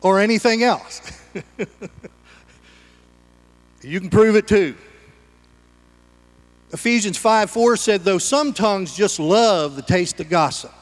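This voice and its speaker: A man preaching in a high, light voice, folksy and conversational with touches of humor. His words ring out with a long hall reverb, as if in a church sanctuary. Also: slow, pauses often. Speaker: pastor. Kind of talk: sermon.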